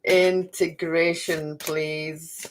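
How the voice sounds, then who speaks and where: A woman in middle age reads oracle cards for her viewers at an unhurried pace. Her voice sits low, and she chats loosely, often thinking aloud to herself. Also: level tone, a little hiss or hum. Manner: chatty, talks to herself, repeats phrases. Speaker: card reader. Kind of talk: live oracle card reading to viewers.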